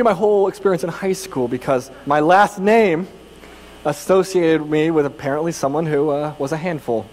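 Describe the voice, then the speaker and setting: A man's voice: fairly high pitch, moderate pace, darkish tone, long reverb tail, a little hiss or hum, poor audio. A man from California preaching a sermon as pastor, telling personal stories in a conversational, self-deprecating way with frequent restarts. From California, United States.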